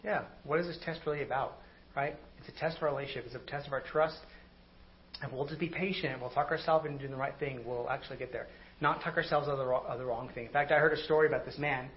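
A man's voice: medium pitch, fast talker. A man preaching in a casual, conversational way, telling stories and often checking in with "right?". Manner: animated storytelling with frequent "right?". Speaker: pastor. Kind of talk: conversational sermon. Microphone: recorded online service audio. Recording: slightly dull audio, faint noise.

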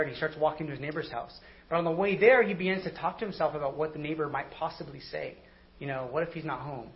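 A pastor with a fairly high voice delivers a casual, conversational sermon, telling stories in an animated way and frequently checking in with "right?". The recorded online service audio is slightly dull with faint noise.

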